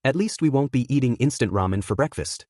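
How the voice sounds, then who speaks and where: A man voicing a reserved, earnest teenage boy hero in a quiet, measured delivery. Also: mid-range voice, expressive, dry recording, clean studio sound, close to an everyday voice.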